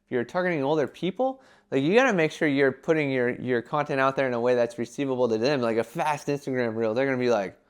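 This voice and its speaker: A young man giving casual business advice in a vlog, talking animatedly and filling his talk with "like" and quick acted-out quotes. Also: mid-range voice, smooth. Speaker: entrepreneur giving brand advice.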